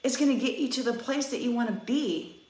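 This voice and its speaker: A woman fitness coach in her thirties talks straight to her viewers in an earnest, chatty live-stream pep talk. Her voice sits a little high for a woman. The recording has a roomy, echoey sound. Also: fairly quick, darkish tone. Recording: roomy echo.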